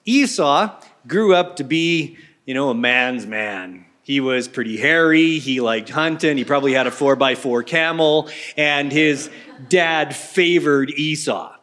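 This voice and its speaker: A man's voice: fairly high pitch, lively intonation, unhurried, fairly bright tone. A man preaching a casual sermon as a pastor, telling the story in a chatty way with joking asides.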